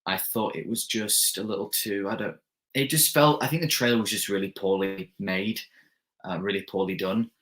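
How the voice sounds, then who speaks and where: A man's voice: fairly low pitch, steady tone, moderate pace, fairly bright tone. A young man hosting a live stream, reading viewer comments aloud and rambling casually with lots of fillers and restarts.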